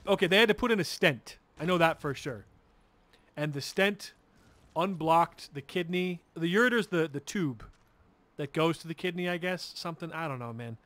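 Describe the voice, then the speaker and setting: A man's voice: fairly high pitch, animated, normal speed, a bit bright, no room sound. A man telling a long story while playing a game, rambling and swearing freely with lots of restarts. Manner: rambling, profane, restarts a lot. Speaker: gamer streamer.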